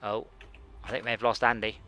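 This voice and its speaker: A man's voice: lowish voice, little pitch movement, fast talker, bright, forceful tone. A man streaming a space game, chatting casually and mocking himself as he plays. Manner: rambling, self-mocking, talks to himself while playing. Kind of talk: casual gaming chat.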